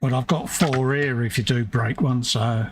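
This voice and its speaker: A man's voice: mid-range voice, fairly even intonation, moderate pace. A man chatting casually on a live stream, teasing his co-host with dry banter and reading out viewer comments. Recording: loud background noise with typing.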